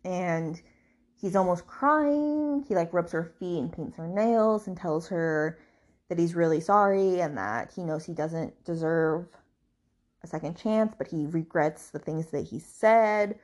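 A woman with a slightly low voice recaps a book for her podcast listeners, wandering through the plot in a loose, conversational way. She often backtracks, fills gaps with fillers and restarts her sentences as she goes. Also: measured pace, darkish tone. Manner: chatty, rambling, with many fillers and restarts. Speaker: podcast host.

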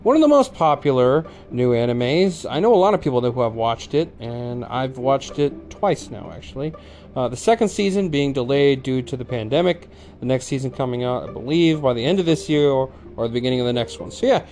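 A man chats through a laid-back review vlog at an ordinary mid-range pitch. He rambles, swears freely and leans on "like" and restarted sentences. Faint music plays underneath. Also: darkish tone. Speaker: anime reviewer, channel host.

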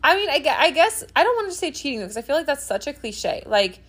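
Giggly young woman with a lively high voice. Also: fast. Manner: giggly, animated storytelling with lots of fillers. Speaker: podcast co-host. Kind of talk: casual chat.

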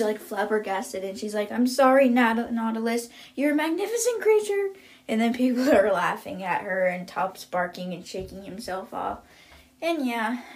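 A woman hosting a book podcast, recapping chapters in a casual, chatty way with lots of "like" and "kind of". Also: medium pitch.

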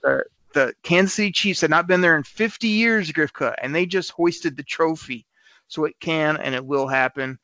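A man hosting a sports talk show, arguing his point quickly and stumbling over repeated words. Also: a little high, pushed and bright, no echo. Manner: argumentative, rapid, trips over repeated words. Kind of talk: casual sports radio chat. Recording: slightly dull lo-fi sound.

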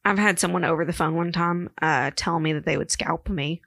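A woman's voice: low voice, brisk, a bit bright, no room sound, clean studio sound. A woman co-hosting a casual podcast, blunt and emphatic in her opinions. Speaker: podcast co-host. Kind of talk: casual chat.

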